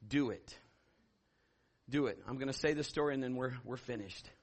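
A man preaching a sermon, swinging from loud shouted declarations to low hushed storytelling. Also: moderate pace. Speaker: pastor.

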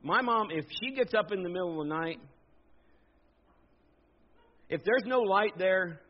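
Animated man in his fifties preaching. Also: high-pitched, brisk. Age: 50s. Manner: animated, jokey storytelling with acted-out voices. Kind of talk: storytelling sermon. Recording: dull lo-fi sound.

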